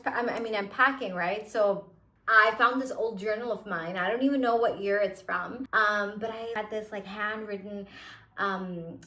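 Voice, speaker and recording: A woman's voice: medium pitch, fairly bright tone. Young woman doing a motivational vlog, earnest and emphatic, lots of "like", echoey room. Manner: earnest and emphatic, heavy use of "like" and "you know". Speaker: manifestation coach. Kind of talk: casual motivational monologue.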